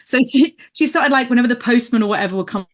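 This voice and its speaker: A woman's voice: a little high, fast. A woman, an actress and comedian, telling comic stories in a casual chat, acting out her quotes and laughing often. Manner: animated storyteller, acts out quotes, laughs often.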